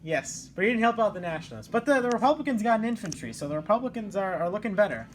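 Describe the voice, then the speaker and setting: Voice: mid-range voice, big pitch swings, slight background noise, poor audio. A host giggling and stammering through a casual recap of a board-game round. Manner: laughing, halting, stammering.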